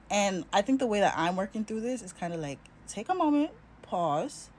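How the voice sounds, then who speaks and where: A woman teacher talking casually to camera, telling an animated story and acting out the people in it. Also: medium pitch, normal speed. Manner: animated, acts out the people in her stories.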